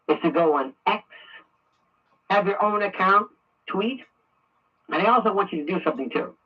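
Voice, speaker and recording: A man's voice: sits high, slightly rough, far from the mic. A man hosting a political talk radio show, ranting angrily and repeating himself. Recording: muffled radio audio from afar.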